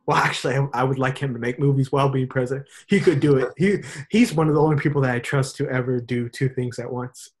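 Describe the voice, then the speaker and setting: A young man chatting casually and excitedly, with lots of slang and playful impressions. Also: mid-range voice, fast talker, hardly any pauses. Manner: animated, slangy, puts on voices for fun. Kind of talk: casual chat.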